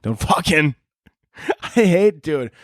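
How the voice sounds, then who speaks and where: A man hosting a casual solo podcast, ranting in a sarcastic, profane, mocking way with quick asides. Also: fairly high pitch, very animated, no room sound, studio quality. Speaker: podcast host.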